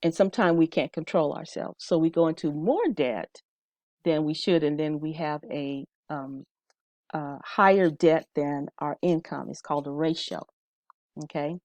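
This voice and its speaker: Woman instructor, low voice, dry close sound, chatty teaching delivery. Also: moderate pace, a little mellow, dry recording. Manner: conversational, checks in with "okay?". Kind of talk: casual teaching talk.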